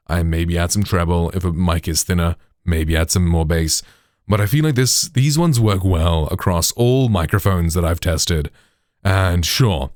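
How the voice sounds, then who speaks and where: A man's voice: sits low, darkish tone, no room sound. A British man hosting a tech tutorial, explaining in a chatty way full of "like", "you know" and "right", through a processed studio microphone.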